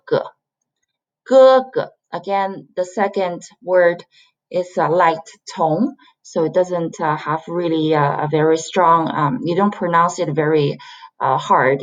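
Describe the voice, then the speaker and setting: A woman from China, teaching a beginner pronunciation lesson and patiently repeating sounds to model the tones. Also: fairly low pitch. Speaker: Chinese language teacher. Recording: slightly dull lo-fi recording.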